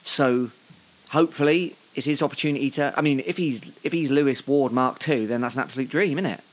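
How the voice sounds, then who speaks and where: A man's voice: medium pitch, fairly quick. Man with a dry wit on a podcast. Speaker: podcast co-host. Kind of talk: casual football chat.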